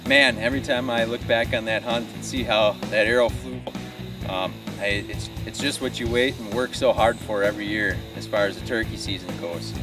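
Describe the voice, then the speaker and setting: A man hosting a hunting show, telling the story of his hunt in a relaxed, conversational way. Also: lowish voice, moderate pace, recorded from a distance, music in the background. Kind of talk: recap voice-over.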